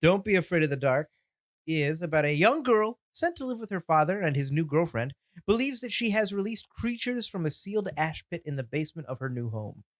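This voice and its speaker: A man co-hosts a podcast in quick, playful banter. He talks at a brisk clip and sounds up close and dry. His chat is easygoing. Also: a little high, very animated, fairly bright tone, no echo. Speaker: podcast co-host.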